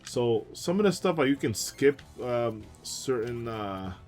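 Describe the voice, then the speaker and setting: A man's voice: medium pitch, expressive, measured pace, darkish tone, faint music behind. Chatty young male game streamer. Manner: rambling, chatty anecdotes with frequent laughs and fillers. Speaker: gaming streamer. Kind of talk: casual let's-play storytelling.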